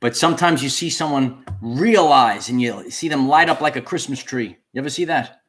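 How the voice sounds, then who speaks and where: A man's voice: mid-range voice, normal speed, a bit bright. A man hosting a spiritual livestream, talking to his viewers and repeating key phrases with preacher-like emphasis. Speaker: channel host.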